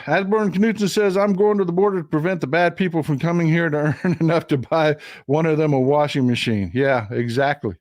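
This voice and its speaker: A man's voice: on the high side, fairly quick, few pauses, darkish tone, no room sound, studio quality. A man hosting a political commentary livestream, talking bluntly and emphatically, repeating short phrases for weight and thanking viewers who send donations. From Texas. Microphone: streaming setup mic.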